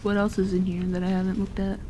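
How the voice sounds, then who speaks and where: A woman's voice: mid-range voice, monotone, fast talker, mellow, slight background noise. A woman streamer giving casual, playful commentary while playing a game, giggling and swearing freely. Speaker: gameplay streamer.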